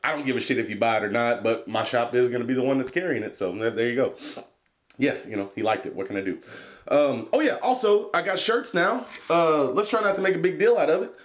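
A man's voice: mid-range voice, quick pace. Rambling, profane guy reviewing gear. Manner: rambling, profane, laid-back. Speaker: vape product reviewer. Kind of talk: casual product review vlog.

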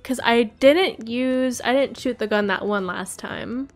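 A young woman hosting a gaming channel, narrating her play live, excitable and quick to gasp and giggle. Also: fairly high pitch, soft background music. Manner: excitable, gasping and giggling often. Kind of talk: live game commentary.

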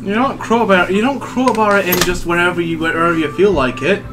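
A man bluntly arguing and trading deadpan retorts while commentating a game with friends. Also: high voice, a little fast, music in the background. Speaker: let's play co-commentator. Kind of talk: joking group commentary.

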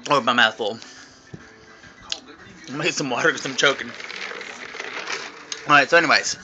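A man's voice: medium pitch, brisk, long pauses, pushed and bright, faint music behind. A man chatting in a casual, rambling vlog from home into his phone, talking while chewing candy. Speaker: vlogger. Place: at home, indoors. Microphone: phone camera.

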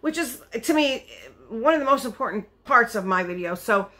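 A woman's voice: a little high, lively intonation, moderate pace, bright, forceful tone, low-quality recording. A woman beauty vlogger, chatting casually to camera in a rambling way with frequent restarts.

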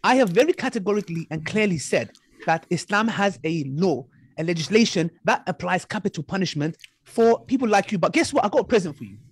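A man's voice: sits high, animated, a little fast, slightly rough. A man debating online, mocking and talking over his opponent, repeating himself to hold the floor. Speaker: online preacher debating an ex-Muslim.

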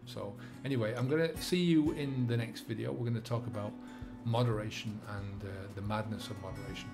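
A middle-aged man with a Dublin accent, talking to camera as a sobriety coach, earnest and halting with many fillers and restarts. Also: medium pitch, fairly even intonation, gravelly, over music. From England and Ireland. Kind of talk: reflective monologue to camera.

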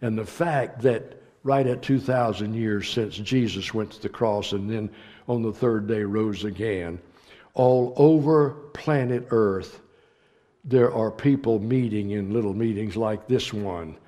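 A man preaching a sermon as pastor, swinging between loud emphatic lines and hushed ones. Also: on the low side, measured pace, big-room sound. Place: church sanctuary.

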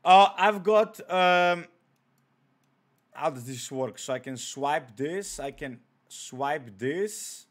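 A man's voice: fairly high pitch, expressive, slow pace. A young man streaming a horror game, cracking crude jokes and reading on-screen messages aloud. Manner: profane, joking, reads on-screen text aloud. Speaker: gaming streamer. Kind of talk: let's play commentary.

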